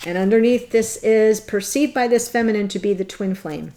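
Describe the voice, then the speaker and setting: A woman's voice: medium pitch, normal speed, dark tone. A woman giving a tarot reading to camera, gushing and tearful, laughing through her emotion. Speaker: tarot reader.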